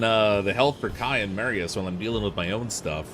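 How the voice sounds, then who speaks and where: A man's voice: on the low side, brisk, fairly bright tone, a little hiss or hum. A young man streaming a fantasy game, chatting casually and laughing at himself as he plays. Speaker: gaming streamer. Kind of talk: let's play commentary. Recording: game sounds behind voice. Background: game sound effects.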